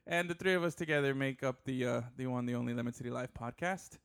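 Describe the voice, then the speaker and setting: A man's voice: medium pitch, fast, gravelly, fairly bright tone, smooth. A man hosting a casual podcast, joking with his co-hosts and laughing often. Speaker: podcast host.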